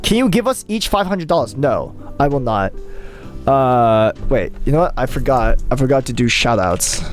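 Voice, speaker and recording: A young adult live streamer in casual conversation with chat, voice swinging animatedly up and down. The talk is excitable and chatty, full of quick restarts. Faint music plays in the background. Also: medium pitch.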